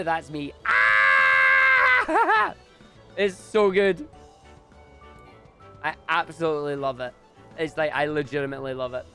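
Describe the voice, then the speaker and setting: Young guy streaming, gets super hyped, bright voice, quiet game music under it. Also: high-pitched. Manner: excitable, loud bursts of squealing enthusiasm. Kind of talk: casual live-stream chat.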